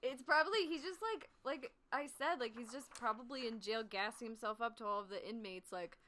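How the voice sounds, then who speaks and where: A woman's voice: on the high side, fairly quick, pushed and bright. Joking woman podcaster, faint noise. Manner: joking, laughs often. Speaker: podcast co-host. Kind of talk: casual true-crime chat.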